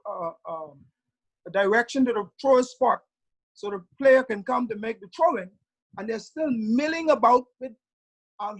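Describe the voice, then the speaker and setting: A middle-aged man teaching referees over a video call in an online training lecture, emphatic and drawing out key words slowly. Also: very high-pitched, rough recording. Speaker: referee instructor.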